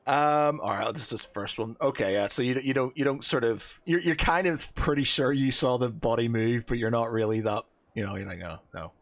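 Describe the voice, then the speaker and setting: A man's voice: medium pitch, fairly quick, few pauses. A man narrating as game master of a tabletop game, loose and meandering.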